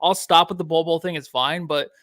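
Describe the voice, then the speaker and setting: A man's voice: a little high, steady tone, fairly quick, fairly bright tone, dry recording, clean studio sound. A man co-hosting a casual sports podcast, blunt and profane, laughing often. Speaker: podcast co-host.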